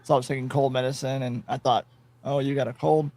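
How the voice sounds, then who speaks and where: A man's voice: mid-range voice, little pitch movement, fast, warm tone. A man co-hosting a podcast in casual chat, blunt and joking, swearing freely as he tells his story. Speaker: podcast co-host.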